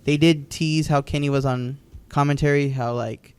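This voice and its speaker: A man's voice: fairly high pitch, steady tone, moderate pace, a little mellow, smooth, no echo. A man co-hosting a podcast, recapping wrestling matches in casual, rambling chat with frequent ums and restarts. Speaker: podcast co-host.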